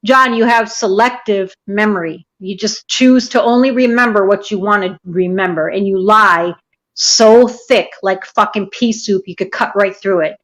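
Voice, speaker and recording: Brief: woman co-host, mid-pitched voice, mocking and scornful livestream talk. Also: moderate pace, a bit bright. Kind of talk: heated livestream chat.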